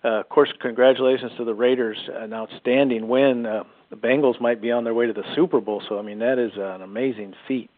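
A man phoning in to a fan show, enthusiastic and full of fillers. His mid-pitched voice comes through a tinny phone line. The sound is dry. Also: steady tone, a little fast, hardly any pauses, no room sound. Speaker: caller. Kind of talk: call-in voicemail.

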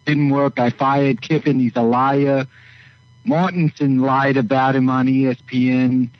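A man's voice: mid-range voice, flat delivery, unhurried, no room sound, muffled recording, close to an everyday voice. A man calling in and putting on the voice of an impatient old male team owner who rambles in short, clipped accusations. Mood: ranting. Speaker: caller.

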